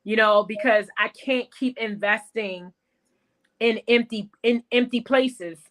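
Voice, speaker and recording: A woman who owns a salon, telling her story in a casual interview in an animated way. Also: a little high, slow. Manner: animated storyteller, calls the host girl. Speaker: salon owner and guest.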